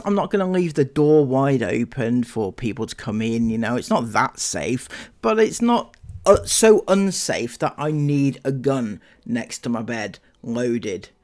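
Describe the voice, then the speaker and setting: A young man talks casually to his audience with plenty of sarcasm. His voice sits a little high for a man, and he mocks the comments he reads out, dropping in ums and short laughs. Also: a little mellow. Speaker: commentary channel host. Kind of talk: reacting to viewer comments.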